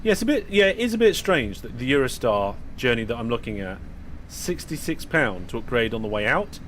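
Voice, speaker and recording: A man's voice: medium pitch, very animated, moderate pace, fairly bright tone, a little hiss or hum. A young British man casually chatting to his viewers while driving in a train simulator game, with lots of fillers and restarts. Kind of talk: casual live-stream commentary.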